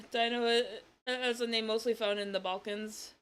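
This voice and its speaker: A woman with a bright, forceful voice, talking casually as a streamer reacts to a video. She laughs often, swears freely and lets out quick exclamations between her remarks. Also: fairly high pitch, fairly even intonation, smooth.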